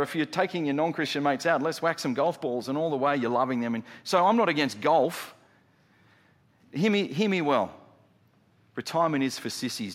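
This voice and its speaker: Middle-aged male pastor, mid-pitched, emphatic sermon delivery, long church reverb. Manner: emphatic, rhetorical questions, swings from loud to hushed.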